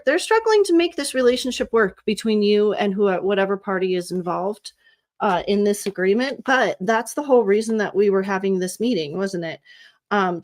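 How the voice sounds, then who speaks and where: A woman's voice: medium pitch, darkish tone. Chatty woman doing psychic card readings. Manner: chatty, sympathetic, calls viewers honey; reads card meanings aloud in lists. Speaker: psychic reader and channel host. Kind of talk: casual live card reading.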